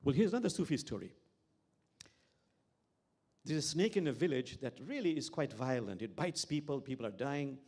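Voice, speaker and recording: A man preaches as an imam, weaving stories into a reflective sermon. His voice sits at a mid pitch, and he often repeats key phrases. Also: expressive, normal speed, long pauses, a little mellow. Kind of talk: sermon with storytelling.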